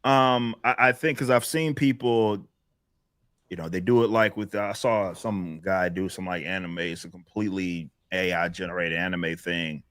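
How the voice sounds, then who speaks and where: A man with a lowish voice hosts a casual livestream panel. He talks in loose, halting runs, stopping and restarting his sentences. His mic sound is close and dry. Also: steady tone, fairly bright tone, no echo. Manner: rambling, halting, many restarts. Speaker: stream host.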